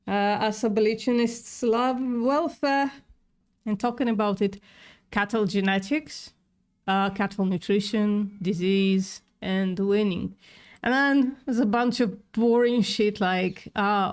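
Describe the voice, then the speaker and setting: Woman streamer, non-native English accent, slow sarcastic casual chat, mid-pitched. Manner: sarcastic, swears casually, laughs often. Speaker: livestreamer.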